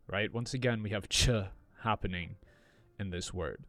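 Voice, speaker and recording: A man teaching English in an unscripted podcast, explaining slowly and clearly as he improvises. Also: lowish voice, dry recording.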